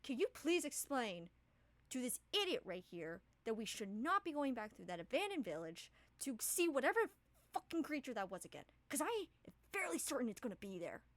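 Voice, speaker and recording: A woman's voice: high voice, big pitch swings, a little fast, a bit bright, no room sound. Woman doing a panicky frightened young man. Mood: scared. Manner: panicky, pleading.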